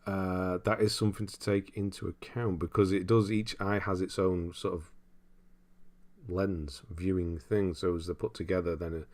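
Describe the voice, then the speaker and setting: At a moderate pace, a young gaming streamer works his way through viewer comments with a relaxed, rambling manner. His voice sits low, and laughter keeps slipping into his chatter.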